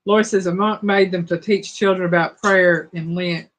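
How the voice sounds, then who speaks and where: A woman hosting a live trivia chat. Her voice is hoarse, and she talks casually while reading out viewers' answers. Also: lowish voice, steady tone, moderate pace. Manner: chatty, reads out viewers' answers.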